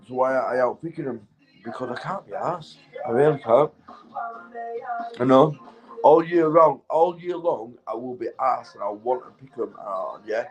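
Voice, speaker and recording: A man's voice: medium pitch, moderate pace, a little mellow, soft background music, low-quality recording. Rambling sweary British man. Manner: rambling, sweary, laughs often. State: high. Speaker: livestreamer. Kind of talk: rambling casual livestream chat.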